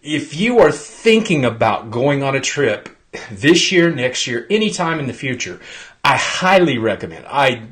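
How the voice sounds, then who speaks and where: A man hosting a live stream, his throat clogged from pollen. He talks in an excitable, rambling way and greets viewers one by one. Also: mid-range voice, unhurried. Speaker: host.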